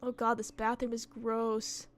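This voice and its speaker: A woman's voice: a little high, monotone, measured pace. A young woman streaming from home into a desk mic, chatting casually while she plays, telling stories and swearing freely. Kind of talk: casual chat while gaming.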